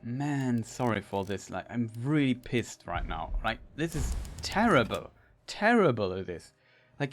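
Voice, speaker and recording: A man's voice: fairly high pitch, slight background noise. A man doing gameplay commentary, ranting in frustration and stumbling over restarts as he plays. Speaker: gamer.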